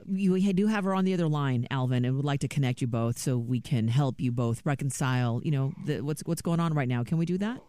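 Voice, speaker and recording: Smooth-voiced male radio host. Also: medium pitch, dry recording. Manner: gentle, measured, hesitant phrasing. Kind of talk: morning radio call-in segment.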